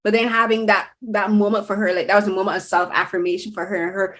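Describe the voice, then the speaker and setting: A woman's voice: medium pitch, little pitch movement, quick pace, a bit bright. A woman hosting an interview, asking long, enthusiastic questions with a lot of emphasis. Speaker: interviewer, show host. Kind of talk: conversational interview.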